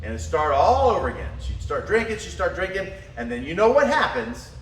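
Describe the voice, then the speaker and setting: A man's voice: high-pitched, very animated, fairly quick, a bit bright, recorded from a distance, a little hiss or hum. A man giving a motivational talk, telling a story with animation and frequent laughs. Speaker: motivational speaker. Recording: roomy echo, voice from away from the mic.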